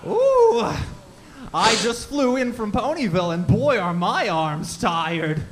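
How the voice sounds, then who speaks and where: A man puts on a smug male chaos spirit hamming up a stand-up routine that isn't landing. The voice sits high and leaps around with every drawn-out punchline. Hiss and noise hang over the home recording. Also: sing-song, exaggerated voice. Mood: hammy. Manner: hammy comedian delivery with drawn-out punchlines. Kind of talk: live script reading.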